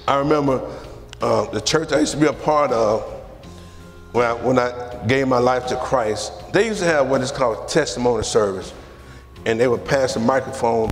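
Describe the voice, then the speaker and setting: A man preaches with animated storytelling, his fairly high voice repeating lines for emphasis and breaking into laughs. His voice carries a long church-hall reverb, and soft music plays underneath. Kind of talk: sermon with personal testimony.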